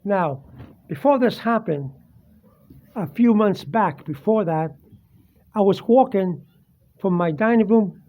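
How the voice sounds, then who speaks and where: A man sitting at his dining table, earnestly recounting a personal ghost encounter with halting fillers and restarts. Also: sits high. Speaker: vlogger. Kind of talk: casual first-person storytelling. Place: home dining room, seated at a table. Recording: dull lo-fi home recording.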